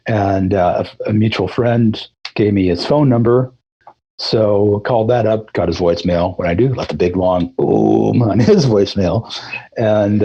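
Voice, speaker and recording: A middle-aged man with a low, husky voice talks through his story in a relaxed interview. He rambles easily, circling back with fillers and restarts. He sounds like a musician guest reflecting on his path. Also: highs cut off. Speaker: guest musician, throat singer.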